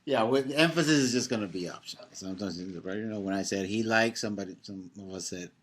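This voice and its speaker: A man's voice: lowish voice, quick pace, a bit bright. A man teaching a Spanish grammar class, patiently explaining, quizzing his students and often checking in with "right?".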